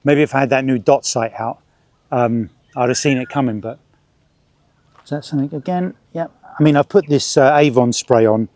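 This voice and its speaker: A middle-aged man vlogs outdoors in a park in a mid-range, somewhat dark voice at normal speed, with no room sound. He rambles casually, chatty and stop-start, while birdwatching, sweating, and swatting at ants and bugs.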